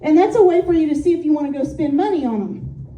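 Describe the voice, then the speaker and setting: A stand-up comic from Indiana, a woman with a high voice, talks fast with lively intonation and a warm tone. Her set is chatty and self-deprecating, full of "um"s as she tells stories. The lo-fi recording catches her from a distance in an echoey room.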